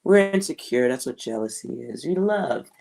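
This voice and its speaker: A woman giving a live tarot reading to a viewer, blunt and slangy, often laughing, swinging between loud outbursts and hushed asides. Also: very deep voice, lively intonation, moderate pace, gravelly, low-quality recording. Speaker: tarot reader.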